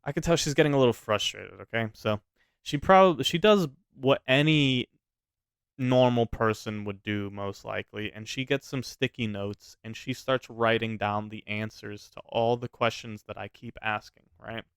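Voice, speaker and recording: A man telling a personal story in a casual, animated way, swearing freely and often restarting his sentences. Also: medium pitch, moderate pace, clear, resonant tone, dry recording, clean studio sound.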